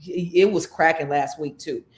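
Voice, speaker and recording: A woman's voice: sits low, moderate pace. A woman co-hosting a casual chat show, telling a funny personal story with lots of laughter. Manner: animated storyteller, laughing often. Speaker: co-host.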